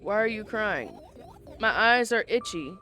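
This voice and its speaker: Her mid-range voice is pushed and bright, with lively intonation and an unhurried pace, as this woman plays a visual novel and reads every part of it aloud. She adds casual asides of her own, and soft music plays in the background.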